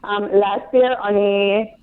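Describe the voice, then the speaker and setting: A woman's voice: medium pitch, steady tone, takes it slowly, clear, resonant tone. Jamaican woman on a tinny phone line. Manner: polite, hesitant, many ums. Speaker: caller. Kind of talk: phone-in question.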